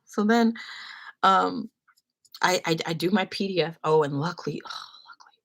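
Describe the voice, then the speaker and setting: A young adult woman casually telling an animated, rambling story on her live stream. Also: lowish voice, a little slow, creaky. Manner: animated, rambling, acts out quotes.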